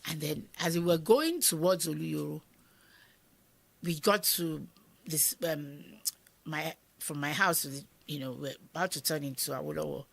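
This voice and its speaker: A middle-aged Nigerian woman with a Nigerian accent, telling a personal story as an interview guest, animated and acting out voices, sometimes dropping to a whisper. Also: low-pitched, moderate pace, gravelly. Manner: animated, acts out quoted voices, drops to whispers.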